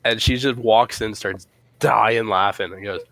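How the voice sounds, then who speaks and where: A young man co-hosting a podcast, telling a crude story in animated casual chat. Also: on the low side, measured pace, creaky, no room sound. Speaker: podcast co-host.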